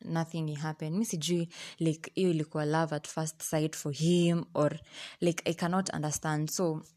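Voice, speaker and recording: Low-voiced Kenyan woman telling a story. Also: moderate pace. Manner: lively, exasperated storytelling that mixes English and Swahili slang. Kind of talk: casual personal storytelling.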